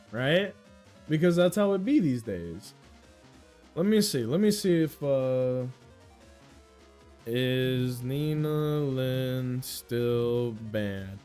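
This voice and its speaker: A young man from New York ranting casually on a livestream in a slangy, animated way. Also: fairly high pitch. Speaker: streamer.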